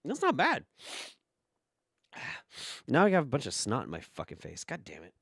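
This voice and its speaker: A man hosting a livestream, reading viewer messages in a casual, profane, animated way. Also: medium pitch, normal speed, vocal fry, breathy edge, dry recording, studio quality. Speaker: livestream host.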